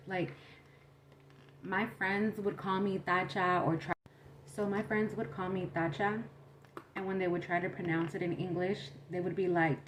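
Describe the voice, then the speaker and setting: A young adult woman vlogger telling a story in casual chat, animated, acting out quotes and saying "like" a lot. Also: fairly low pitch, slight background noise. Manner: animated, acts out quotes, says "like" often.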